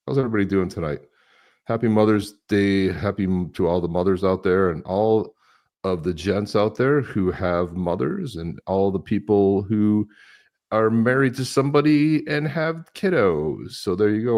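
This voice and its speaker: A co-host of a live-stream show chats casually in a lowish, darkish voice. His talk rambles along in a chatty way, with lots of restarts.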